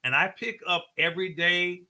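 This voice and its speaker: Man, comedian from Oakland, bright ringing voice, slightly high, slangy animated storyteller. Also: normal speed. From Oakland, California. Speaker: comedian guest. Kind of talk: casual talk show interview.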